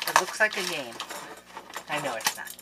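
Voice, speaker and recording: A woman hosting a crafting channel, chatting casually to viewers in a gushing, excitable way as she opens mail at home. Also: low-pitched, normal speed. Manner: excitable and gushing, with gasps and laughs. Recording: noisy background with clicks.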